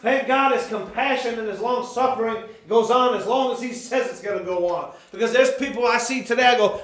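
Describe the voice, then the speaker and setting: Preacher guy, high voice, gets loud and fired up, big echoey room. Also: brisk, few pauses. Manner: impassioned, rising to shouts. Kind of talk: sermon.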